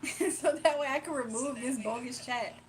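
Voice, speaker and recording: A woman from Virginia, USA, with a Southern accent tinged by Atlanta, chats casually on a late-night livestream, laughing often and answering her chat. Her voice is high-pitched and moderately paced, and the low-quality recording has slight background noise.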